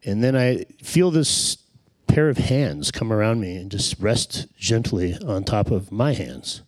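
A man's voice: lowish voice, animated, a little slow, no echo. A man in his forties telling a personal faith story into a handheld microphone in an earnest, reflective way, often searching for words. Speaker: speaker sharing a personal testimony.

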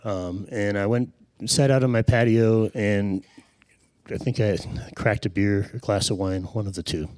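A man's voice: on the low side, steady tone, unhurried, a little mellow, dry recording. Earnest man telling a personal testimony. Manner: earnest, reflective, searching for words. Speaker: speaker sharing a personal testimony. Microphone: handheld microphone.

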